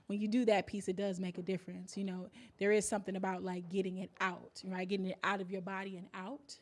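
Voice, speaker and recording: A woman's voice: mid-range voice, quick pace. A woman hosting a poetry open mic on a cafe stage, talking casually and hyping up the crowd. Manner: lively, hypes up the crowd, casual slang.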